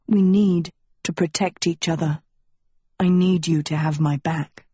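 A self-assured young prince speaks in a lowered, unhurried voice with a soft breathy edge, as a woman reader puts him on. He is commanding and protective, a storybook hero used to leading. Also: fairly even intonation, no echo. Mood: earnest.

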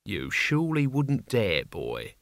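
A man's voice: on the low side, wildly swooping pitch, slow, no echo, studio quality, voice pushed down, exaggerated voice. A man doing a sneering old servant. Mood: defensive. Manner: gruff and scornful. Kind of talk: audiobook character voice.

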